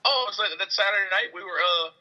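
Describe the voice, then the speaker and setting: A young man chatting casually with a friend, telling stories in an animated way and acting out the people in them. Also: high voice, quick pace. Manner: animated storyteller, acts out quotes. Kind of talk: casual chat. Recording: dull lo-fi webcam audio.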